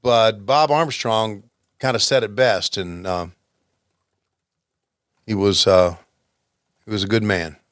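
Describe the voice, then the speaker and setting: A man co-hosting a casual chat over an old wrestling broadcast, relaxed, joking and reminiscing. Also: fairly low pitch, slow pace, long pauses, no room sound, studio quality. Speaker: podcast co-host watching old wrestling.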